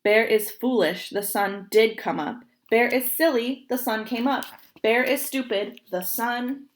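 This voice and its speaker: A woman voicing a small, quick-witted male squirrel in a storybook reading. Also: on the high side, lightly acted. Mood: teasing.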